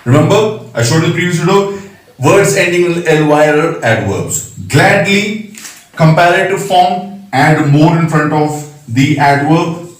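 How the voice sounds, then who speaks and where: Picked up by a distant mic in an echoey room, a man gives a recorded grammar lesson at a measured pace, spelling out letters patiently and asking "right?" along the way. His voice leans high.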